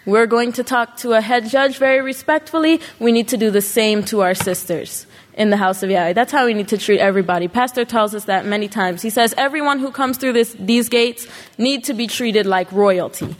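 A woman's voice: a little high, brisk, hardly any pauses. A woman giving an earnest sermon to a congregation, pressing her listeners with rhetorical questions. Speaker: congregation speaker. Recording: long hall reverb.

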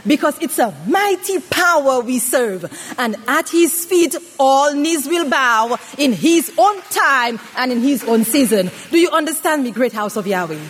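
Dramatic high-voiced woman preaching in a hall. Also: lively intonation, unhurried, hardly any pauses. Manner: dramatic, swings between loud and hushed. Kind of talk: sermon with acted-out anecdote. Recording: long reverb of a hall.

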